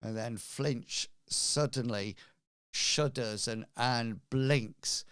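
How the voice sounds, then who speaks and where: A man narrating a tabletop game as game master, slow and halting with fillers. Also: mid-range voice, steady tone, clear, resonant tone, no room sound, studio quality.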